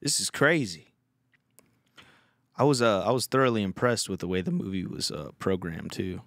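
Low-voiced, foul-mouthed podcast host. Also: male voice, expressive, a little fast, dry recording, clean studio sound. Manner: profane, rambling storyteller. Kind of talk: casual chat.

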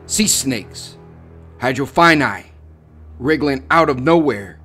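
A man narrating a horror story in a measured, suspenseful dramatic reading. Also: medium pitch, animated, fairly bright tone, slightly rough. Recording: faint music under the voice.

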